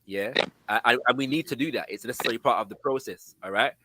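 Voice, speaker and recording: A man hosting a political discussion, speaking in halting, repeated starts and affirming the others. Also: medium pitch, noisy background. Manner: affirming, halting, restarts often.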